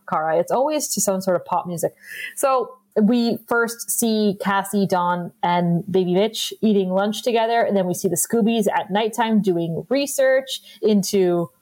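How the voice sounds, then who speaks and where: Brief: woman podcast co-host, casual recap chat, mid pitch, laughs a lot. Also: lively intonation, normal speed, a little mellow. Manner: laughs often, retells scenes with quoted lines.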